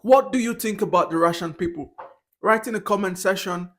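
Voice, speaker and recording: A young man talks casually to his camera, with a voice that sits a touch high. He stumbles and restarts often, correcting himself as he goes. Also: a little fast, a bit bright. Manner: hesitant, with frequent restarts and self-corrections. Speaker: vlogger.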